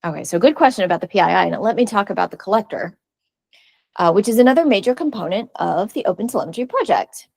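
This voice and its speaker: A woman's voice: mid-range voice, expressive, fast talker, vocal fry, darkish tone, dry recording. A woman giving a casual technical presentation at a user group meeting, chatty with frequent fillers and restarts. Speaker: conference speaker. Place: meeting room.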